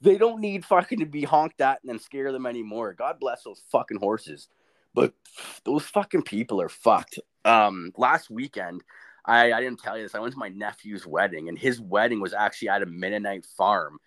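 A man's voice: lowish voice, moderate pace. A man co-hosting a podcast, telling crude stories in casual chat, swearing constantly and laughing often. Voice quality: profane, animated storyteller who laughs a lot. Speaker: podcast co-host.

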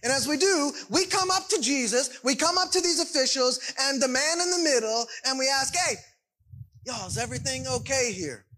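A man with a high, bright voice delivers a sermon in an easy, conversational way. He keeps checking in with the congregation as he goes. His tone stays relaxed and folksy. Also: fairly quick, hardly any pauses, poor audio. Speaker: pastor.

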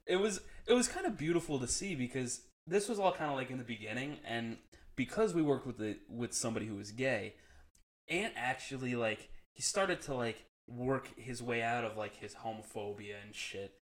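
A man's voice: mid-range voice, expressive, moderate pace. A man telling a profane, laugh-filled story in a casual chat, acting out the people he quotes. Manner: profane, laughs often, acts out quoted friends.

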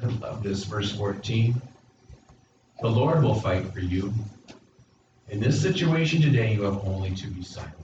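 A man's voice: lowish voice, animated, normal speed, pauses often. A man preaching a sermon as pastor, reading scripture aloud and giving God's words with rising emphasis. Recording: roomy echo, distant mic, dull sound with background noise.

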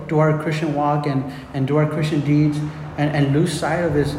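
A pastor preaches an earnest sermon in an echoey hall with faint ambience and slight background noise. His voice is on the high side and warm, and he is repetitive, often restarting and repeating phrases.

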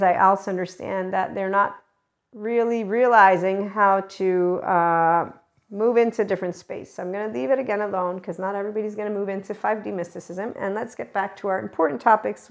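A woman's voice: medium pitch, fairly even intonation, moderate pace. A woman hosting a spiritual talk podcast, speaking in a rambling, candid way, laughing often and swearing freely. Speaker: podcast host. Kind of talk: casual spiritual monologue.

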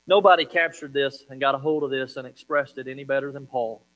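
A man preaching a sermon as a pastor, leaning hard on words with swings from loud to hushed. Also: medium pitch, steady tone, fast, rough recording.

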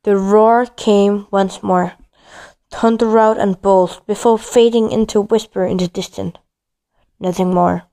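The woman's dark, mid-range voice keeps fairly even intonation at an unhurried pace as she reads a first-person story. She trips up frequently, restarting here and there.

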